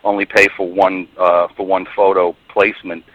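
A man talking casually as a guest on a radio show, rambling with many halting restarts. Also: deep voice, flat delivery, no echo, dull audio.

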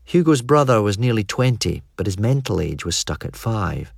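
Male audiobook narrator, low-pitched, dry studio sound. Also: sing-song, moderate pace, vocal fry, hardly any pauses, dry recording. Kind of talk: scripted narration.

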